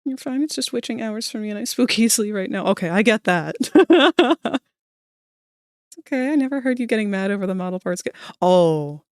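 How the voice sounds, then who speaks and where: A soft-spoken woman chats casually with her stream viewers from home. She talks close into a desk microphone. The sound is dry, with no room echo. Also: mid-range voice, lively intonation, fast, clean tone. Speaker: livestreamer.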